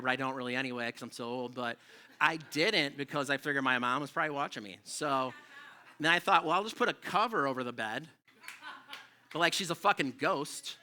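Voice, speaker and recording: A middle-aged male comedian on a club stage, rambling through a loose, profane set. His voice sits fairly high and comes across very bright and forceful. He keeps it self-deprecating. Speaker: stand-up comedian. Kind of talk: live stand-up set.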